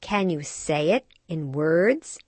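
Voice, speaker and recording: A woman voicing a calm, cheerful young mother who coaxes her toddler, in a high, upbeat voice. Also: takes it slowly, no room sound, heavily acted. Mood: coaxing.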